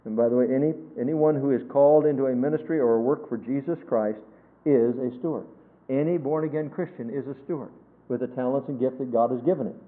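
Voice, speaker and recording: A man preaching a sermon, emphatic, swinging between loud stresses and hushed phrases and quoting scripture in a measured cadence. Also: medium pitch. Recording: tinny phone-like sermon recording.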